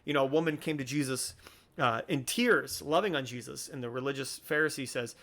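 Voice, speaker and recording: A man's voice: medium pitch, fairly quick, fairly bright tone. A young man hosting a podcast, talking earnestly and a bit preachily, often restarting his sentences. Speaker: podcast host. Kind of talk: casual commentary.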